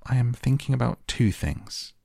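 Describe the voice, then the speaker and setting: A man's voice: mid-range voice, lively intonation, moderate pace, creaky, dark tone, dry recording, clean studio sound, pitched above the performer's own voice. A man voicing a plain-spoken, curious young girl in a storybook reading. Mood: earnest.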